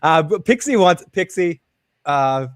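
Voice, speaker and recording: A man's voice: fairly high pitch, a little slow, dry recording. Joking man hosting a live show, dry sound. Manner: joking, animated, quotes characters in put-on voices. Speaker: host. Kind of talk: casual live show chat. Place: warm room at home.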